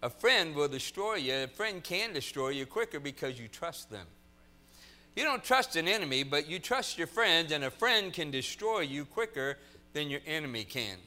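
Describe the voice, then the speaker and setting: Animated, joking middle-aged preacher. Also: male voice, on the high side, moderate pace. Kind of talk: sermon with humorous storytelling.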